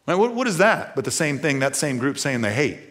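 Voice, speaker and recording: A middle-aged man preaching a sermon as pastor, animated, moving from hushed passages to near-shouting. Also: medium pitch.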